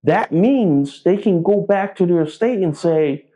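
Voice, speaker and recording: A man's voice: sits high, lively intonation, takes it slowly, few pauses, mellow, dull audio. A man delivering a political commentary monologue, blunt and profane, repeating himself as he rallies his viewers.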